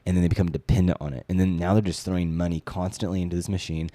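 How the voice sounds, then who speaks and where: A man with a very deep, warm voice co-hosting a casual branding podcast, recorded close and dry. He talks things through in a relaxed way, often restarting with "it's like.". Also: very fast, no room sound. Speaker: co-host, brand strategist.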